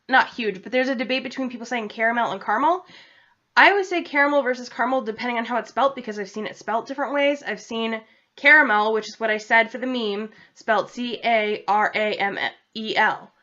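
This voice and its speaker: Young woman, New England accent, bright high voice, rambling casual vlog chat, dull lo-fi laptop sound. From central Massachusetts. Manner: chatty, rambling, self-deprecating. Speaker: vlogger. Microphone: laptop webcam.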